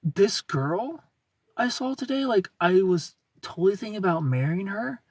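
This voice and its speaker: A man's voice: high-pitched, very animated, normal speed, husky, no echo, recorded from a distance, voice pushed up, full character voice. A man putting on a dismissive young bro who is easily grossed out. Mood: mocking.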